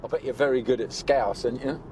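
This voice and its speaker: A man's voice: mid-range voice, fast, darkish tone, a little hiss or hum. A man in joking, teasing banter with his co-presenter during a road trip in a vehicle. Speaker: travel show co-presenter. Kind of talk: casual chat on a road trip.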